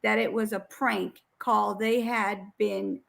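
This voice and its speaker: A woman's voice: mid-range voice, steady tone, slow, creaky, fairly bright tone. A woman giving casual reaction commentary on a played call recording, blunt and incredulous.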